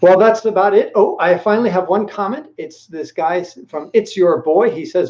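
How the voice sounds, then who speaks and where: A man hosting a casual live-stream Q&A, rambling and animated, with lots of filler words. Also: high voice, moderate pace. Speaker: host. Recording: echoey room, dull lo-fi sound.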